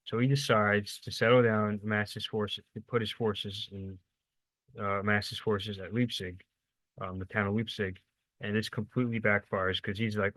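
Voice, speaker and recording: Young man, low voice, flat delivery, dry close sound, casual rambling history lecture, full of ums and restarts. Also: no room sound, poor audio. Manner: rambling and informal, many fillers and self-corrections, quick asides. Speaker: presenter of a history lesson.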